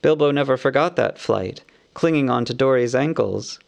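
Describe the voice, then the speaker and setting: A man narrating a fantasy audiobook in a measured, expressive storytelling manner. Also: mid-range voice, gravelly.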